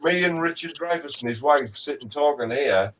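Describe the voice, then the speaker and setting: A man telling a lively anecdote in a casual chat, acting out the voices he quotes. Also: a little high, moderate pace. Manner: animated, acts out quoted voices. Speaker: guest crew member. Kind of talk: casual storytelling. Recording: distant mic with faint noise.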